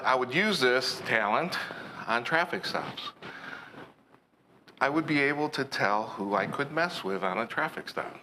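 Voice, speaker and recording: A man's voice: mid-range voice, pushed and bright, slight background noise, rough recording. A man preaching a sermon, telling a playful, teasing story about his past job.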